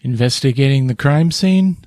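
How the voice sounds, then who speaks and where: A man's voice: mid-range voice, normal speed, a little mellow, no echo, clean studio sound. A man co-hosting a podcast, chatting casually and asking short, curious questions. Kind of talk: casual chat.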